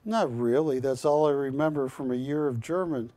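A man's voice: medium pitch, moderate pace, warm tone. An older man hosting a live shopping channel show, chatty and joking while pushing deals, recorded on a lapel mic in a TV studio. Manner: chatty, joking, pushy salesman. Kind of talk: live TV sales pitch.

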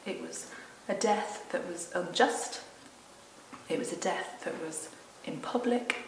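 A woman leading a Sunday school, reading a story aloud to children and then explaining it, mostly gentle and quiet. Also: on the low side, slow pace, vocal fry, a little hiss or hum. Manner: gentle and mostly quiet, lively in the exciting parts. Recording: roomy echo from a distant mic.

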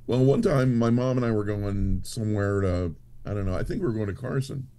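A man's voice: fairly low pitch, fairly quick, warm tone. A man appearing as a talk show guest, telling stories in a laid-back, casual way. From Nevada. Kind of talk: casual chat.

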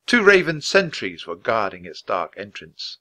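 A man reads a children's adventure story aloud with a bright, forward tone. He keeps a clear, measured pace suited to learners. His reading is lively and expressive without rushing. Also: on the low side. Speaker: storybook reader.

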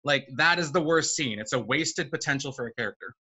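A man's voice: medium pitch, brisk, pushed and bright, breathy edge. A man in a casual debate, sarcastic and swearing, mocking lines he dislikes. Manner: sarcastic, swears, mimics characters. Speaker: debater defending a film.

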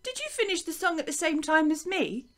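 A woman teaching a recorded music lesson for young children, lively and encouraging in a sing-song teacher voice. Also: very high-pitched, brisk. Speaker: primary school teacher.

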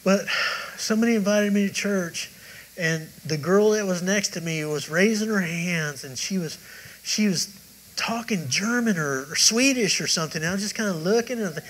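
Recorded with poor audio, a man with a high-sitting, fairly bright voice preaches at a moderate pace in a church service. He tells stories conversationally and rambles, folding in his own testimony and frequently starting sentences over.

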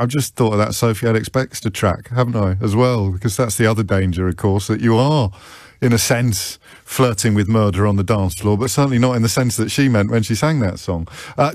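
A man's voice: a little high, darkish tone, dry recording, studio quality. A middle-aged man with a British accent hosting a radio phone-in, talking conversationally and wryly about himself. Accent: British English. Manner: conversational, self-deprecating, wry. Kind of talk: talk radio monologue. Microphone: studio microphone.

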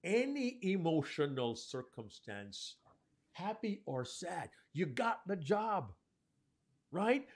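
This man, a speaking coach and podcast co-host, walks through public-speaking techniques on a live show and acts out examples in an animated way. He has a high voice and speaks slowly.

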